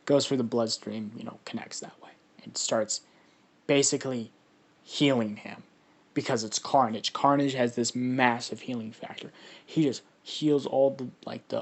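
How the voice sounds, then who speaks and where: A man's voice: mid-range voice, fairly even intonation, measured pace. Rambling, swearing guy telling a fan story. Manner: rambling, heavy swearing, lots of fillers. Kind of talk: casual improvised fan story.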